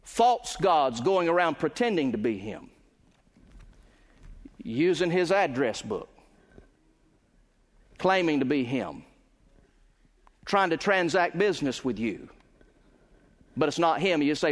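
A male pastor preaching a sermon with emphatic delivery, building louder and higher at climaxes and slowing on key words. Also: big pitch swings. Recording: long reverb of a large hall.

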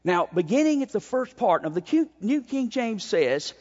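A man preaching through a Bible passage, his voice sitting high for a man. He presses his points with emphasis and keeps restarting phrases. The sound is a little dull and rings with a long echo, as in a church sanctuary. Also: sing-song, moderate pace, darkish tone. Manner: emphatic, frequent repeated starts. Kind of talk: expository sermon.

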